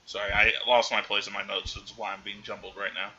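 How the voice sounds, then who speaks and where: A man hosts a casual podcast, recapping a film in a rambling way and quoting characters as he goes. His voice is very bright and edgy. The recording sounds dull and lo-fi. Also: on the low side, level tone, fairly quick. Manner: rambling retelling full of quoted lines. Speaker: podcast host.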